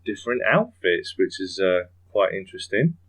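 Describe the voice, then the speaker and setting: Male podcast host, lowish voice, loose rambling delivery with frequent chuckles. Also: big pitch swings, fairly bright tone, poor audio. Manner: rambling, chuckles a lot, does quick impressions. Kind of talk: casual chat.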